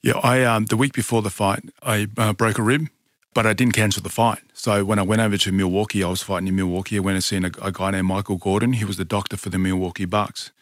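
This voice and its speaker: A man's voice: on the low side, level tone, fast, no echo, clean studio sound. A middle-aged man telling his story in a casual, earnest way, with many fillers and restarts. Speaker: podcast guest, fighter.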